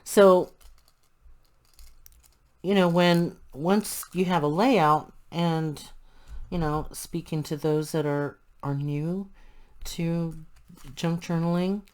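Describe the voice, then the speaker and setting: A woman's voice: sits low, darkish tone. An older woman chatting casually and thinking aloud as she works through a craft tutorial. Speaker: crafting channel host.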